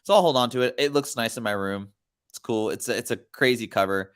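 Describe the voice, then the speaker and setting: A man's voice: medium pitch, fairly quick, a bit bright, smooth. A man hosting a podcast, chatting casually in a rambling, slangy way. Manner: rambling, laid-back, slangy. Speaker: podcast host. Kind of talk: casual chat.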